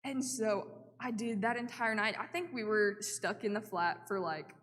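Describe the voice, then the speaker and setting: A woman's voice: medium pitch, normal speed, fairly bright tone. A young woman, telling a missionary story to a church and acting out her own quotes with lots of "like.". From Oklahoma. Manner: chatty, acts out her own quotes, many "like" fillers. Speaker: missionary giving a report. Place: church sanctuary. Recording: reverberant church hall.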